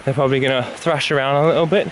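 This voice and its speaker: Panting on an uphill hike, this vlogger talks casually into a handheld camera at a racing speed. His medium-pitched voice stays steady as he rambles and muses, full of fillers, with background noise around him.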